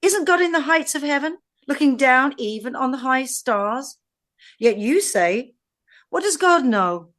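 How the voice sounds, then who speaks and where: English woman reading scripture, measured. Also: sits high, lively intonation, a bit bright. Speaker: podcast co-host.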